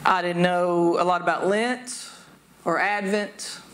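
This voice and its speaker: A woman's voice: fairly low pitch, fairly even intonation, slow pace, a bit bright, slight background noise. A woman pastor giving a chatty, self-deprecating sermon from the pulpit and laughing often. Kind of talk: informal sermon. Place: church sanctuary.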